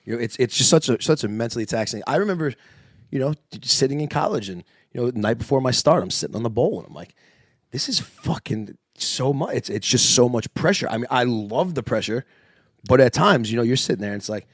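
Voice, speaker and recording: A young man in his twenties trades loose, casual banter as a podcast co-host. He is animated, swears freely and laughs often. His voice sits at a medium pitch and sounds close and dry, with no room around it. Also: fast, no room sound.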